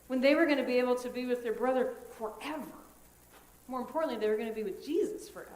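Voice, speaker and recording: High-voiced woman preaching in an echoey sanctuary. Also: darkish tone. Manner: earnest, conversational preaching with dramatic pauses. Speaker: pastor. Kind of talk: sermon. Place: church sanctuary.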